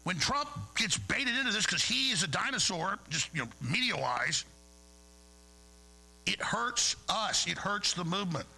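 Angry male talk radio host, very gravelly, tense and sharp-edged delivery, husky tone, mains hum behind. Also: sits high, very animated, a little slow, poor audio. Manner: angry, digressive, mocking impressions. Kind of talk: ranting monologue.

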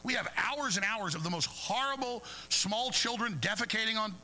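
A man's voice: high voice, normal speed, pushed and bright, slight background noise, rough recording. A man hosting a talk radio show, speaking in a heated, rambling monologue that stumbles over repeated words.

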